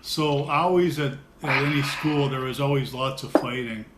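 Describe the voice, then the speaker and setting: A man chatting casually with friends, an animated storyteller who laughs often. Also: medium pitch, moderate pace. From America. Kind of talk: casual chat. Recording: echoey room with faint noise.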